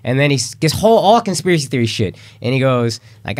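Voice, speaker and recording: A man's voice: mid-range voice, sing-song, racing, few pauses. A man co-hosting a podcast, telling a rambling anecdote and acting out the quotes. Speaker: podcast co-host. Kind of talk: casual storytelling.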